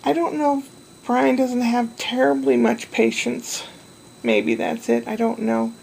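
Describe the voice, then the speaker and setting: A woman's voice: fairly high pitch, level tone, measured pace, creaky, a little mellow, slight background noise, rough recording. A woman chatting in a rambling, meandering way about her day looking after a toddler. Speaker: vlogger caring for a toddler. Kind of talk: rambling casual chat.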